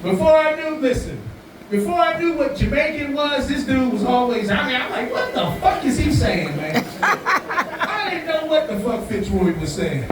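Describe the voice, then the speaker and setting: A high-pitched man addresses a crowd in a very echoey room, swearing freely and joking as he talks. He sits far from the microphone, with steady noise behind him. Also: moderate pace. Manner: profane, animated, joking. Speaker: event host. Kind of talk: casual speech to a live crowd.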